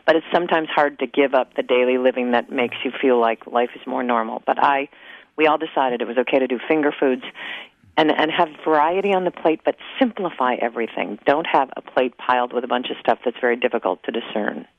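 A woman's voice: a bass voice, fairly quick, dry recording, narrow, tinny audio. A woman talking as an author guest in a radio interview, earnest and conversational.

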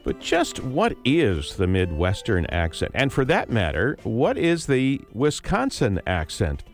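A man hosting a public radio morning talk show, measured and friendly, asking questions with small fillers. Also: medium pitch, huge pitch swings, faint music behind.

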